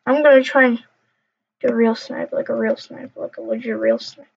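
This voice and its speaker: A woman's voice: a little high, fairly even intonation, normal speed, creaky, slightly rough. A young woman rambling through casual gameplay commentary, mumbling to herself and trash-talking other players. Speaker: gamer. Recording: dull lo-fi recording.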